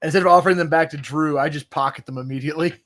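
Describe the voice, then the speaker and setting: A man's voice: fairly high pitch, racing, a bit bright. A man playing a tabletop game, describing his character's actions in the first person. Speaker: player.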